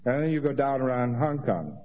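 A man's voice: medium pitch, expressive, brisk. A man giving a rambling, conversational lecture with mocking asides. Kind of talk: informal lecture to an audience. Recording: dull lo-fi old recording in a reverberant hall.

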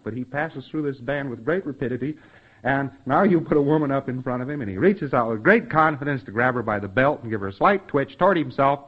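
A man giving a spoken lecture to trainees in a folksy way, acting out bits of quoted dialogue and sound effects. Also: mid-range voice. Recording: dull, muffled lo-fi recording.

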